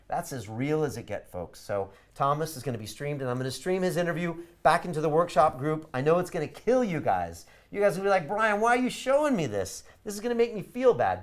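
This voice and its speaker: A man hosting a live online course webinar, giving a punchy, persuasive sales pitch. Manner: energetic, emphatic, persuasive. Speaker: course host.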